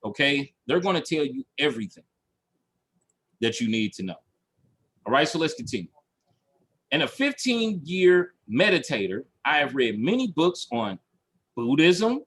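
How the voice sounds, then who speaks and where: Animated man coaching on a video call. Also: medium pitch, husky. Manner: animated, repeats points for emphasis. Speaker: marketing coach. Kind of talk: recorded online training session.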